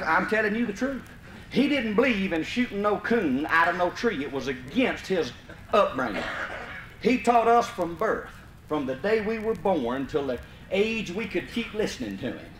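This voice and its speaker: A man's voice: high voice, fairly bright tone. A man from Mississippi with a Southern US accent, telling a folksy comic story to a live audience and breaking into hollers. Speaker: comedic storyteller. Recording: vinyl live recording, roomy, faint hiss.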